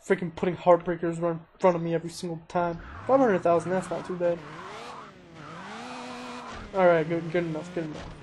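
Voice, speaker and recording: Man, casual gameplay commentary, excitable, self-mocking, faint engine hum behind. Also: on the high side, fairly quick, pauses often. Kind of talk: casual let's-play commentary. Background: engine noise and crashes from the game.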